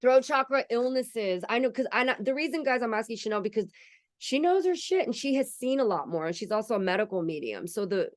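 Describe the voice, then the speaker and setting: A woman hosting a spiritual podcast in a loose, chatty way. She talks candidly and casually and swears freely. Her voice sits a little high. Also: animated, brisk. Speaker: podcast host.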